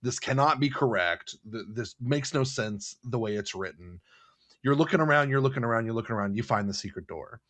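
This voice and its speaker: A man's voice: mid-range voice, a little fast. A man co-hosting a casual podcast about a tabletop game module, rambling and laughing often. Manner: rambling, animated, laughing a lot. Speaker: podcast co-host. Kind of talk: casual chat about a role-playing module.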